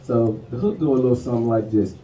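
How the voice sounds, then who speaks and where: A man's voice: medium pitch, expressive, quick pace, dark tone, slight background noise. A man who raps, talking to a live audience between songs in a casual, slangy way. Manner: laid-back, slangy, conversational. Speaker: rapper performing live. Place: live music venue. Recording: echoey room, mic at a distance, music behind.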